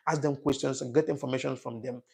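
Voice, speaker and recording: A man's voice: mid-range voice, fairly even intonation, fast, creaky, a little mellow. A man hosting a casual livestream, reading out viewer comments and talking with emotion, often repeating his phrases. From Africa. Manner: emotional, repetitive, restarts phrases.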